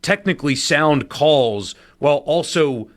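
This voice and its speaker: A man co-hosting a casual sports talk radio show, with a lively, animated delivery. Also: a little high, unhurried. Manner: animated, lively inflection, runs winner and loser segment.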